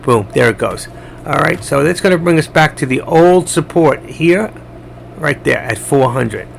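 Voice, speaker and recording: Male streamer, gravelly and chatty, loose live trading talk, faint hiss behind. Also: a little high, lively intonation, a little slow. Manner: chatty, rambling, addresses chat viewers directly. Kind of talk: casual live trading commentary.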